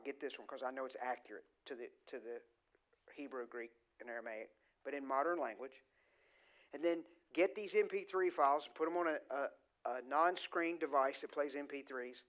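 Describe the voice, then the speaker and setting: A middle-aged man delivers a sermon in a church sanctuary. His voice sits a touch higher than most men's, and he preaches in an emphatic, conversational way, often slipping into quoted lines. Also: fairly bright tone. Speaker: guest preacher.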